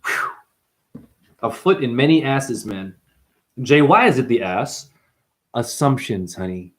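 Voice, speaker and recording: Preachy ranting man, lively pitch. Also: slow pace. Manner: preachy, confrontational, calls viewers honey. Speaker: numerology video host. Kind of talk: ranting monologue to camera. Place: apartment.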